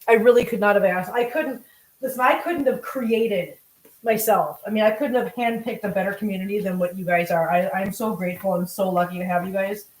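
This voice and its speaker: A woman's voice: mid-range voice, steady tone, fairly quick, reverberant, slight background noise, rough recording. A woman hosting a cooking livestream, chatting emotionally and gushing thanks at her viewers while she cooks at home. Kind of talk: casual live-stream chat while cooking. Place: home kitchen.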